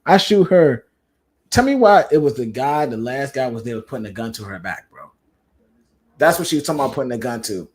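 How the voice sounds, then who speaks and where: A man's voice: medium pitch, fairly quick. A man hosting a casual chat show with a Black dialect, telling stories animatedly and laughing often. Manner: animated storytelling, acts out quotes, laughs often. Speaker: podcast host.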